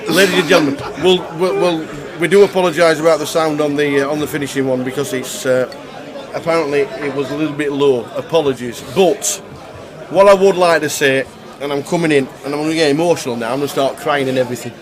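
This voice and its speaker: A man's voice: fairly high pitch, fairly even intonation, fast talker. A man hosting a poker live stream, rambling jovially through thank-yous and repeating himself. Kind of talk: live stream presenting and thank-you speech. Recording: loud crowd around the mic. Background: crowd noise.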